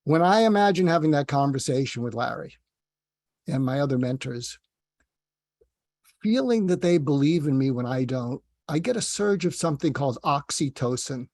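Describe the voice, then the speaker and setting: A man's voice: fairly high pitch, animated, normal speed, darkish tone, no echo, studio quality. A man speaking as a psychiatrist guest on an interview, rambling and self-deprecating, telling stories with asides. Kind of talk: casual interview talk.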